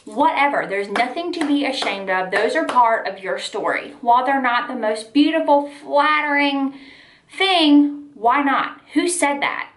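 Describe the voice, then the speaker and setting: A woman's voice: sits high, lively intonation, a little slow, fairly bright tone. Chatty woman, echoey room. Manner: candid and chatty, full of "like" and "y'all". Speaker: lifestyle vlogger. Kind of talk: casual heart-to-heart talk to camera.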